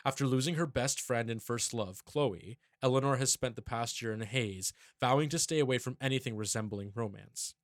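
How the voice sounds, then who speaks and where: A man's voice: medium pitch, dry recording, clean studio sound. A man co-hosting a book podcast, chatting casually and teasing his co-host, at times reading a synopsis aloud.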